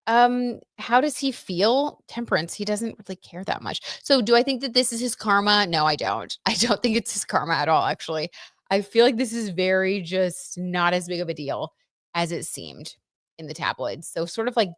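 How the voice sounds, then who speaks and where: A young woman hosts a casual livestream, chatting her way through gossip and tarot readings in a loose, filler-heavy way. Her voice sits low for a woman. The sound is close and dry, with no room echo. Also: expressive, normal speed, fairly bright tone. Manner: chatty, gossipy, lots of "like" and "you know".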